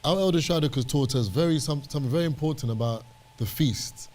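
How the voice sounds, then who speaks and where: A British man with a somewhat high voice preaches in a church discussion. He talks with passion and drives each point home by repeating it. His tone stays earnest and emphatic. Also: fast talker, a little mellow, slight background noise. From Britain. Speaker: church elder.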